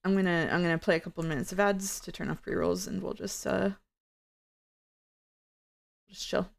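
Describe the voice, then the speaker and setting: A woman's voice: fairly low pitch, steady tone, moderate pace, vocal fry, no echo. Chatty young woman streamer, dry close sound. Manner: chatty, laughs often, rambling with restarts. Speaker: streamer host. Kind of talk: casual stream chat.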